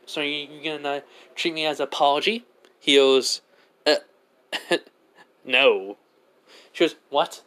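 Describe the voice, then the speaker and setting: A man's voice: fairly high pitch, fairly even intonation, unhurried, pauses often, bright, forceful tone. A young man improvising a fan story aloud, rambling with many fillers as he recounts who said what, barely changing his voice between the characters. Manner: rambling, filler-heavy retelling with many "he goes, she goes".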